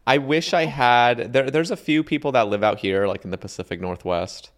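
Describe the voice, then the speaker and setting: A man's voice: mid-range voice, moderate pace. A man hosting a casual podcast, talking in a rambling, hesitant way with restarts and the odd swear. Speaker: podcast host.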